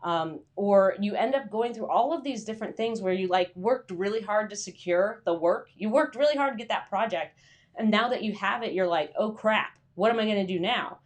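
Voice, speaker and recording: Speaking at medium pitch and normal speed, a woman runs a laid-back live stream aimed at freelance writers. Her talk is chatty and filler-heavy; she calls out viewers by name and voices her own inner thoughts.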